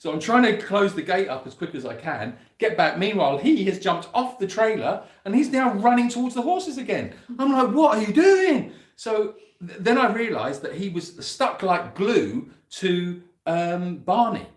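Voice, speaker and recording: Animated man telling a farm story. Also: high-pitched, moderate pace, reverberant. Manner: animated, breaks into laughter, rising voice as story builds. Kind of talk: casual storytelling to camera.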